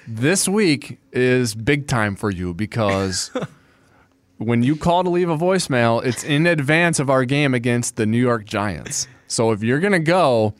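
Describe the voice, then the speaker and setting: A man's voice: mid-range voice, animated, unhurried, no room sound. Guy hosting a sports podcast, joking around, mid voice, super dry close mic. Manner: jokey, teasing. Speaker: podcast host. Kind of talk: casual chat.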